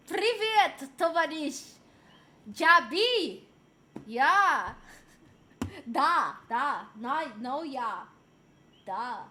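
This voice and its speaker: A young woman chats loosely on her stream and reads out chat messages in a high voice. She swears and laughs easily, and her tone stays relaxed and unscripted. Her throat sounds a little sore. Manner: chatty and loose, swears freely, laughs often. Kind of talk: casual chat stream, reading chat aloud.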